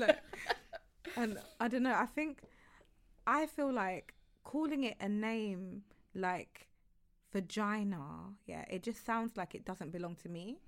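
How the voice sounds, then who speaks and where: A woman's voice: medium pitch, takes it slowly. A woman in her thirties, a mother co-hosting a podcast, chatting casually and giggling through anecdotes. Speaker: podcast co-host. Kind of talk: casual chat.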